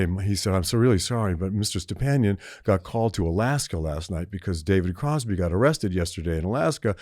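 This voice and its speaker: A man's voice: deep voice, a little mellow, no echo, studio quality. An older man in his seventies, a podcast co-host telling a long story in casual chat, rambling with restarts and acting out the voices he quotes.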